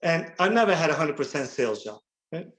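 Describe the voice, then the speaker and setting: Guy telling his sobriety story, bit high voice, keeps restarting, earnest. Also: big pitch swings, fairly quick, a bit bright, rough recording. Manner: earnest, repeats words and restarts often. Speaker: recovery workshop speaker. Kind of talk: personal recovery share.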